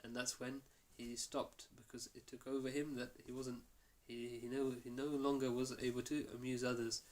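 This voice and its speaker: This recording, made in a mosque, captures a man teaching his class through a story and performing each quoted line with gusto. He speaks at a medium pitch with little variation, a moderate pace, and a somewhat dark tone.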